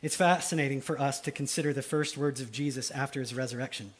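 A young adult man, preaching a sermon in a conversational way and dropping to a quiet intensity when he quotes Jesus. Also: mid-range voice, steady tone, quick pace, slightly rough. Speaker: pastor.

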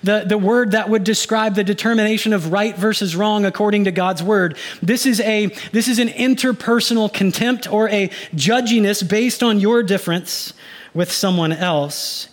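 A man preaching a sermon as a pastor, animated and given to acting out little mock inner voices. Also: high voice, a little slow.

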